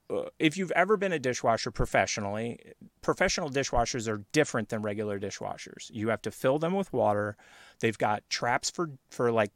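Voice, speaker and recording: A man's voice: medium pitch, no room sound. A man in an easygoing conversation, telling an anecdote in a meandering, chatty way. His voice sits in a middle register and sounds close and dry, with hardly any room around it. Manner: rambling, laughs often, acts out quoted voices. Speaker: podcast host. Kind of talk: casual storytelling chat.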